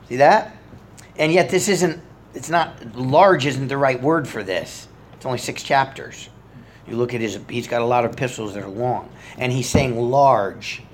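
A man's voice: mid-range voice, a little slow. A middle-aged man, a pastor leading a Bible study sermon in a conversational way, reading scripture aloud with rising emphasis.

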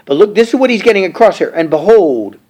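A middle-aged male preacher teaching a verse-by-verse Bible sermon, reading scripture aloud and then explaining it in plain, halting talk. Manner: repeats and restarts phrases with fillers; lively, swooping pitch.

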